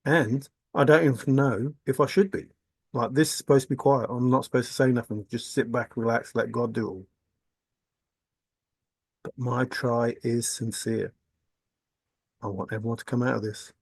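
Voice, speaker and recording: A man's voice: medium pitch, fairly even intonation, normal speed, pauses often, slightly rough, dry recording. Man, intense rambling monologue, repetitive, swearing, dry close sound. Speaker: video blogger.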